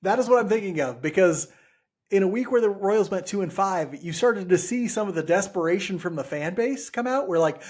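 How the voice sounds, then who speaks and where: A man's voice: high-pitched, animated, brisk, a little mellow. A man co-hosting a sports podcast with wry jokes and dry asides. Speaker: podcast co-host. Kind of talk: casual sports chat.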